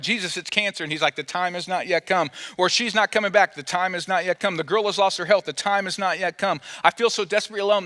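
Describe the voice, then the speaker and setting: A man's voice: high voice, bright, forceful tone. A man preaching a sermon as pastor, telling a story playfully and acting out the quoted dialogue. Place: church auditorium. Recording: long hall reverb.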